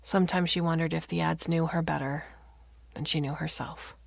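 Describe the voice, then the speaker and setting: Low, creaky woman narrating a story. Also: fairly even intonation, no room sound. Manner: measured storytelling with voiced dialogue. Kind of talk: scripted narration.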